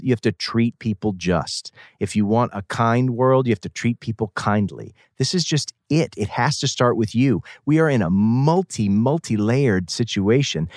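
A man with a Boston accent, a musician guest on a podcast, talking in an animated, rambling and earnest way. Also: mid-range voice, no echo, clean studio sound. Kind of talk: casual podcast chat.

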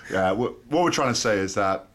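A man, former rugby player, co-hosting a podcast and reminiscing in relaxed chat. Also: on the low side, brisk. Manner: relaxed reminiscing, teasing asides.

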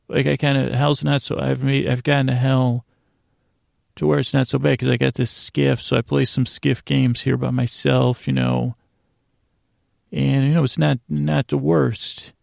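A man's voice: mid-range voice, level tone, unhurried, gravelly, darkish tone, no room sound, studio quality. A man hosting a podcast, giving a casual, meandering recap meant to lull listeners to sleep. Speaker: podcast host.

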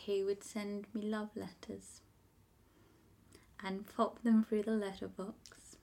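A woman's voice: mid-range voice, little pitch movement, slow, creaky, mellow. A young woman chatting easily as a podcast co-host. She tells stories against herself and laughs often. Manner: chatty, self-mocking storyteller, laughs often. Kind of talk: casual chat.

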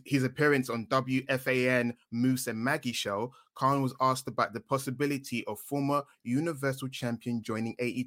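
A man co-hosting a chat show, playful and animated, reading news aloud and bantering. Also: mid-range voice. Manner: animated, playful, breaks into mock outrage. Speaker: co-host.

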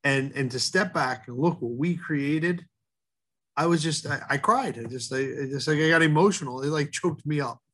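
Earnest halting man being interviewed. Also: on the high side, fairly bright tone. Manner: earnest, halting with many fillers and restarts. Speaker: guest, head baker. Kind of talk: casual interview talk.

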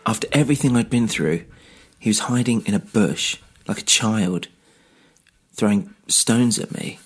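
A man narrating an audio drama in the first person with tense, measured storytelling. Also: fairly low pitch, soft background music. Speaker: narrator and host.

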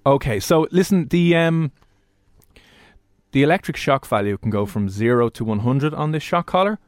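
A man's voice: medium pitch, lively intonation, normal speed, no room sound. Dry-voiced man hosting radio. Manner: jokey, teasing, rambling with restarts. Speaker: radio host. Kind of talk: casual radio chat.

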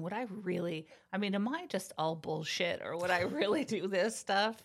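A woman's voice: lowish voice, moderate pace, creaky, few pauses. A woman co-hosting a podcast, making dry, sarcastic asides in casual chat. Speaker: podcast co-host.

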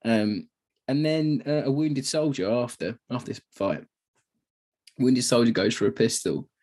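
Male podcast co-host, chatty film talk with quick laughs and a breathy voice. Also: mid-range voice, a little mellow. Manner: chatty, laughs often, acts out quotes. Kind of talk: casual film review chat.

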